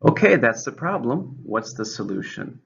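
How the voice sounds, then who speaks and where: A man's voice: medium pitch, big pitch swings, moderate pace, gravelly, a bit bright, husky. A man teaching English vocabulary, methodically giving syllables, stress and example sentences. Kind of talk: vocabulary lesson, reading definitions and examples. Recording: muffled lo-fi recording.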